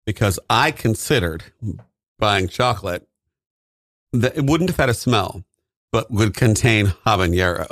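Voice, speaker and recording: A man's voice: lowish voice, lively intonation, a little slow, pauses often, a bit bright, no echo, studio quality. A man co-hosting a casual podcast chat, teasing his co-host and laughing often.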